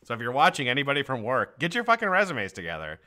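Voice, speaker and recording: A man's voice: medium pitch, huge pitch swings, fast, pushed and bright. A man hosting a casual live stream. He chats loosely, swears a lot and laughs often. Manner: profane, joking, laughs often. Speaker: livestream host.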